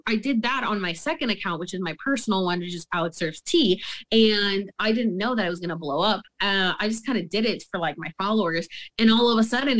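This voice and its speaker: A young woman with a slightly high voice tells a story in a relaxed interview. She gets heated and profane and speeds through it, acting out what others said as she goes. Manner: heated, profane, rapid storytelling with quoted dialogue. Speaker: guest.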